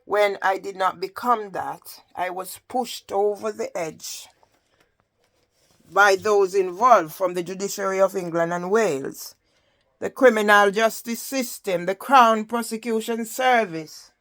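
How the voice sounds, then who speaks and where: A woman's voice: medium pitch, measured pace, a bit bright. An older woman with a Jamaican accent, giving an impassioned personal testimony and often asking the listener "Yeah?". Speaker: campaigner telling her story.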